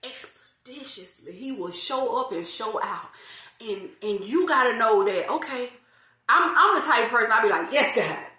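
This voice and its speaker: Woman, forties, faith talk host, casual, laughs often, lively, roomy echo. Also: on the high side, normal speed. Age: 40s. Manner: lively, laughs often, drawls some phrases.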